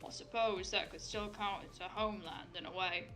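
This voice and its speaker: A sullen, rough-tempered young man broods over going home , as a woman puts him on. The shaky British accent keeps slipping toward Australian. The tone is bright, and soft music plays behind. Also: mid-range voice, fairly even intonation, fairly quick, natural voice. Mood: glum.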